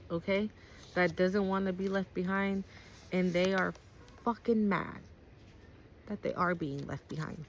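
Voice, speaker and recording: Brief: woman, tarot reader, casual and blunt, heavy swearing, middle pitch, slight background hiss. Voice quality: blunt and profane, emphatic repetition, frequent "okay?". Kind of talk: casual spoken tarot reading to viewers.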